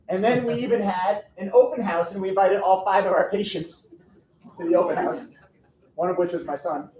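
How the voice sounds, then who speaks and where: A man's voice: fairly high pitch, warm tone. A middle-aged man, an orthodontist, giving a humorous storytelling talk to an audience. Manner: humorous, self-deprecating anecdotes. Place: lecture room with an audience. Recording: echoey room.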